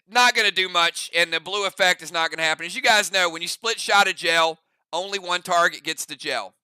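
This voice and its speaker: A man narrating a role-playing game round as game master, laying out each move and its damage in an easy, explanatory way. His voice sits high and bright, with a crisp, clean edge. The sound is dry and close. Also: fairly quick, no echo. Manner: casual, explanatory, joking asides.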